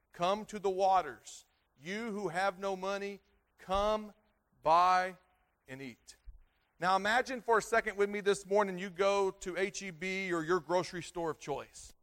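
High-voiced pastor preaching. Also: male voice. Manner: swings from loud emphasis to soft low endings; repeats words and restarts phrases. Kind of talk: sermon.

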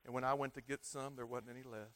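A man's voice: medium pitch, steady tone, fast talker, fairly bright tone, a little hiss or hum. Earnest man in his thirties preaching. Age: 30s. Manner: earnest, repetitive preaching with swells of emphasis. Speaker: pastor. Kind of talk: sermon.

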